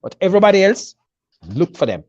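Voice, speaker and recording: A man's voice: sits high, big pitch swings, quick pace, darkish tone, no room sound, lo-fi sound. A man with a Jamaican accent in a casual sports chat, confidently breaking down a team selection and mixing patois with English. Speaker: football pundit.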